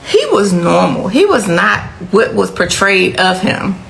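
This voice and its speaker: A woman's voice: mid-range voice, big pitch swings, a little slow, creaky, fairly bright tone, a little hiss or hum, poor audio. A middle-aged woman telling her own emotional account as a victim's mother, intense and repeating phrases for emphasis.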